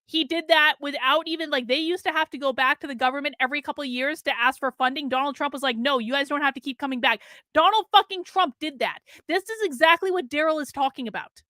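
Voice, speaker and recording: A woman's voice: high-pitched, fast talker, hardly any pauses, sharp tone, no echo, studio quality. A woman commentator reacting to a podcast clip, talking in an exasperated, ranting way and swearing now and then.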